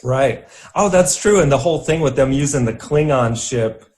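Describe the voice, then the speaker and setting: A man's voice: mid-range voice, lively intonation, moderate pace, darkish tone. Easygoing young man chatting about films. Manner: easygoing, laughs often, many fillers. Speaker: podcast co-host. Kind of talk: casual chat.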